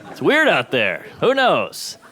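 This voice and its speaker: A man performing a stand-up comedy set, delivering wry, deadpan punchlines to a live audience. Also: on the high side, slow, some chatter behind.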